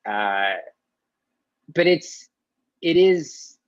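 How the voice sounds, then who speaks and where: A man from small-town Ontario, Canada, an actor chatting in a casual interview, talking in a lively, rambling way with many restarts. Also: on the high side, no room sound. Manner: chatty, animated, many restarts, quick asides. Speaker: actor guest. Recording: dull, dry lo-fi sound.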